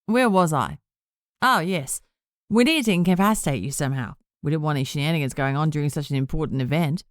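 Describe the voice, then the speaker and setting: A woman's voice: sits low, animated, fast, no room sound, clean studio sound. A woman voicing a smug, boastful male warlock leader in an audiobook, talking down to others in a casual, patronizing way. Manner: patronizing, casual and self-satisfied. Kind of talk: audiobook character reading.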